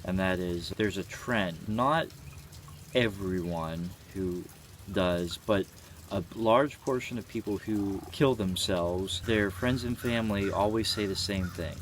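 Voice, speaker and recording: There's a bit of hiss or hum as a vlogger in his twenties, deep-voiced and measured in pace, rambles earnestly to camera. It's a casual reflective monologue, full of "you know" fillers with an occasional curse.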